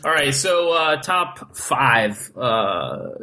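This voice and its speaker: A man's voice: mid-range voice, big pitch swings, extremely slow, sharp tone, poor audio. A man co-hosting a podcast in loose casual chat, swearing a lot and filling his talk with "like". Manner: loose, heavy swearing and filler "like". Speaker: podcast co-host.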